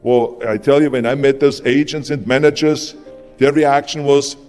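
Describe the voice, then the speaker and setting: Speaking at a normal pace in a steady, mid-range, slightly mellow voice, a motivational speaker with a German accent delivers an emphatic talk, repeating words for impact. Music sits behind him, and the hall reverb is long.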